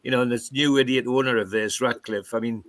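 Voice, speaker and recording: Male pundit, blunt, opinionated, mid pitch, dry close sound. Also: steady tone, a little fast, a bit bright, no echo. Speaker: podcast pundit. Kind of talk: fan podcast chat.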